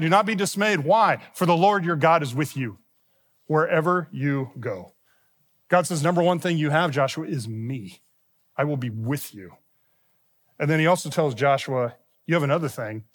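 Male pastor, higher-pitched voice, preaching with emphatic scripture quotes, reverberant church hall. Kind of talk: sermon. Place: church sanctuary.

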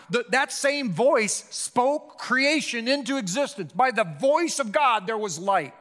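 An older man preaching a sermon, impassioned, swinging between loud emphatic calls and hushed low appeals. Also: animated, unhurried, few pauses. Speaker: pastor. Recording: long hall reverb.

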